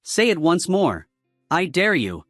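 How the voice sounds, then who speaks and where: A man's voice: high voice, huge pitch swings, unhurried, a bit bright, no room sound, studio quality, soft background music, exaggerated voice. A man voicing a hot-tempered young male soccer player who snaps out angry insults.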